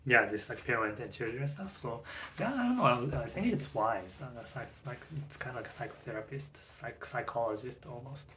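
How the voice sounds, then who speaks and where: Young guy practicing english, reads a book out loud then rambles with lots of likes, average pitch, bit of hiss behind. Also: expressive, distant mic. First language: not English. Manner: careful, slow reading with self-corrections; rambling with many fillers when speaking freely. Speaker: self-recording reader practicing English. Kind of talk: reading a book aloud, then casual reflection.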